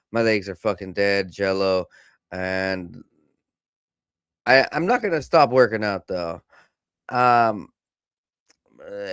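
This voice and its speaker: A man hosting a podcast in a loose, rambling casual chat, pausing and restarting often. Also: fairly low pitch, smooth, no room sound. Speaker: podcast host.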